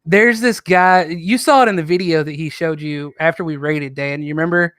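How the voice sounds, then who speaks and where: A man's voice: on the high side, moderate pace, no room sound. Southern-accented man, dry close sound. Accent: Southern US country. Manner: animated storyteller, laughs often. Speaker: podcast guest. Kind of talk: casual chat.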